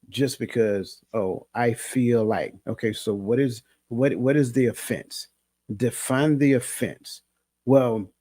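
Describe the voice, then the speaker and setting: Husky-voiced male coach, measured and emphatic. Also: mid-range voice, a little mellow, dry recording, clean studio sound. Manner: measured, emphatic, repeats himself. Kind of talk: casual discussion.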